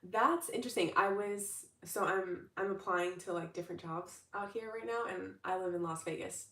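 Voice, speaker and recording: A woman's voice: mid-range voice, normal speed, fairly bright tone. A young adult woman talking casually as a manifestation coach on a livestream, upbeat and chatty, with lots of fillers and restarts. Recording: roomy echo, distant from the mic.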